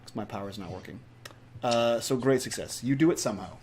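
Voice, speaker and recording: A man's voice: mid-range voice, fairly quick, darkish tone, a little hiss or hum. A man playing a tabletop game, thinking aloud about his moves with plenty of fillers. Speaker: player. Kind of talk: casual tabletop play.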